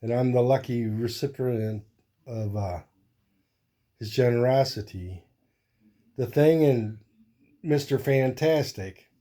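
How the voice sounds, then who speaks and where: A man's voice: mid-range voice, slow pace, pauses often, mellow. A man hosting his own video, chatting casually and rambling as he shows off a stack of comic books one by one. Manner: rambling, easygoing, thinks aloud while flipping through comics. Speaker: host. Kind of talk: casual comic collection show-and-tell.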